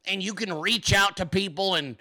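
A man's voice: sits high, moderate pace, sharp tone. A man hosting his own podcast, talking in a brash, mocking way and swearing freely. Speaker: podcast host. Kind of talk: casual political commentary.

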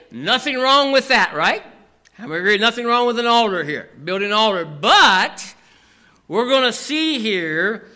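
Animated high-voiced male preacher. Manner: animated, calls for audience response; repetitive filler "here". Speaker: pastor. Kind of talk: sermon.

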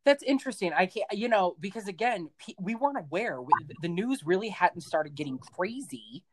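A woman hosting a casual chat, effusive and animated in her reactions. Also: medium pitch, normal speed, noisy background. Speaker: host.

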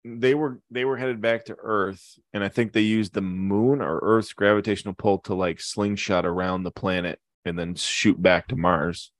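A man's voice: on the low side, fairly even intonation, moderate pace, hardly any pauses, no echo, studio quality. A man co-hosting a podcast in casual chat, laid-back, often correcting and explaining details. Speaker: podcast co-host.

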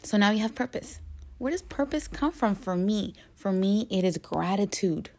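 A woman giving a motivational talk, earnest and emphatic, pausing for effect and sometimes dropping to a hushed whisper. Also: medium pitch, animated. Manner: earnest, emphatic, deliberate with dramatic pauses, drops to hushed whispers. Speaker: motivational speaker.

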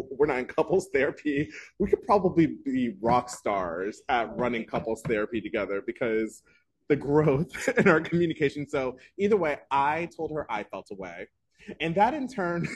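A man co-hosting a podcast, telling stories in a casual, animated way and laughing often. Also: medium pitch, slightly rough. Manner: animated storytelling, laughs often, loses his train of thought. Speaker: podcast co-host. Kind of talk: casual chat.

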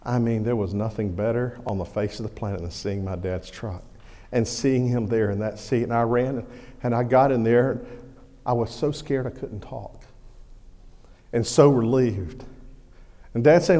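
A middle-aged man, a pastor telling a folksy sermon story with animated swings in his delivery. His voice has a gravelly edge, and it rings out in a church sanctuary with a long reverb tail. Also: mid-range voice, normal speed.

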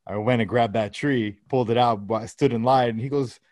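A man's voice: medium pitch, fairly even intonation, brisk, a little mellow, no room sound, studio quality. A man, likely in his thirties, telling a rambling, profane story about his kids in casual chat. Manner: rambling, profane anecdote-telling with quoted dialogue.

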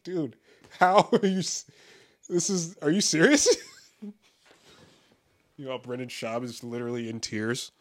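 A man riffs in a loose, foul-mouthed comedic monologue, circling back on his own sentences. He laughs often and keeps a mid-range voice. His delivery feels offhand and unscripted. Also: mid-range voice. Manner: profane, rambling, laughs often.

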